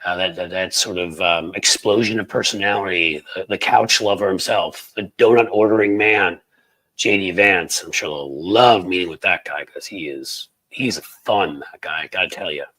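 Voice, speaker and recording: A man from the United States hosts a casual political livestream, rambling through viewer comments with angry sarcasm. His voice sits very low and sounds husky. He talks with plenty of fillers and restarts. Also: normal speed, bright, forceful tone, rough recording.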